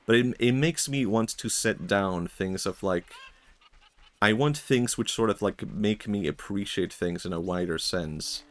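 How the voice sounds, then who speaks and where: A man's voice: lowish voice, unhurried. A young man streaming, talking in a rambling, reflective way with many fillers and frequent laughs. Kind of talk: casual stream chat.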